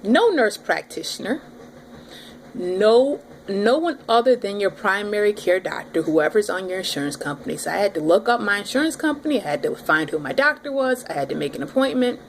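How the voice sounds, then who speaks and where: A pregnant woman in her thirties talks straight to her viewers in a casual vlog and tells a story with lively emphasis. Her voice sits in a middle register for a woman, with a faint hum of room ambience behind it. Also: medium pitch, brisk. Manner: animated, talks with her audience directly. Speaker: vlogger.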